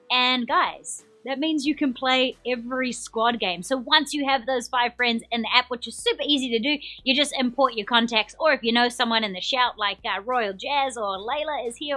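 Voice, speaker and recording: A woman's voice: fairly high pitch, pushed and bright. A young adult woman from New Zealand with a New Zealand accent, hosting a live trivia quiz in an upbeat, chatty way and reading out viewer comments. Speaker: quiz show host.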